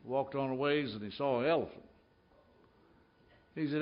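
A man's voice: medium pitch, normal speed, muffled recording. A man preaching a sermon in a church, telling stories emphatically and acting out the scenes. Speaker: pastor.

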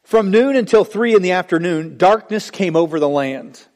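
Man, pastor, preaching, high voice, swells and hushes, echoing sanctuary. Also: expressive, moderate pace. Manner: dramatic preaching, voice rising and dropping sharply. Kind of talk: sermon. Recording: long hall reverb.

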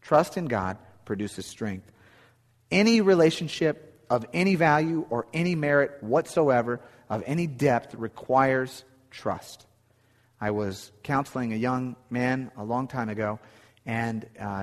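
A man's voice: mid-range voice, in a large hall. A middle-aged man preaching a sermon, telling a personal story earnestly with frequent restarts. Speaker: pastor.

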